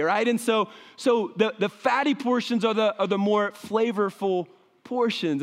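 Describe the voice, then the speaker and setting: A man's voice: high voice, big-room sound. A man preaching a conversational sermon as a pastor, often tagging his points with "right?".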